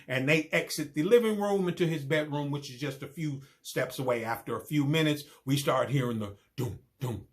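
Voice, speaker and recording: A middle-aged man, telling a funny story as a comedian, animated and rising to excited yelps. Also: on the high side.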